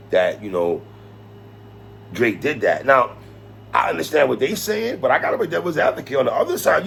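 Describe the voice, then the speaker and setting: A man hosting a hip-hop commentary vlog, talking in a slangy, animated way, laughing and quoting lyrics. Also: mid-range voice, gravelly, a little hiss or hum. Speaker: host.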